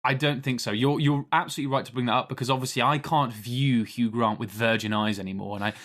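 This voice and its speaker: A man co-hosting a film podcast in casual, animated chat, laughing often. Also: medium pitch, quick pace. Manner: chatty, animated, laughs often, does voices. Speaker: podcast co-host.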